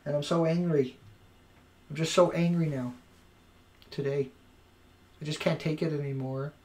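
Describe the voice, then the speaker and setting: A man recording an angry, profane rant to camera, swinging between yelling and quiet muttering. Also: fairly high pitch, fairly even intonation, normal speed. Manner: profane, shouting and then dropping to quiet. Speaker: video blogger. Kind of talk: angry ranting monologue. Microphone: home recording mic.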